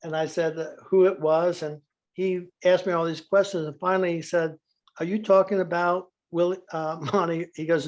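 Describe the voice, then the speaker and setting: A man's voice: sits high, steady tone, measured pace. A man telling stories to a group, acting out quoted lines and laughing as he goes. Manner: laughs through anecdotes, acts out quotes. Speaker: guest speaker. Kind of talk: storytelling in a group video session.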